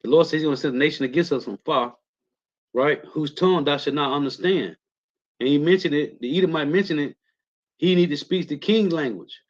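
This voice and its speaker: A man's voice: on the high side, fairly quick, lo-fi sound. A man teaching a scripture lesson, commenting on film clips in an informal, preachy way, often adding "man" and "right?". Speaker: religious teacher.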